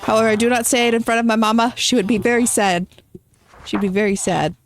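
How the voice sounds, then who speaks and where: A woman's voice: fairly high pitch, steady tone, fast talker. A woman streaming a video game, chatting casually and playfully with her viewers and teasing them as she reads their messages. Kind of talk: casual gameplay live-stream chat.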